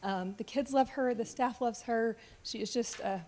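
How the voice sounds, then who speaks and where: A woman's voice: fairly high pitch, moderate pace, dark tone, a little hiss or hum. A woman presenting a staff award at a board meeting, speaking with emotion and fillers like um and like. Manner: heartfelt, close to tears, fillers like um and like. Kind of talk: public speech at a board meeting.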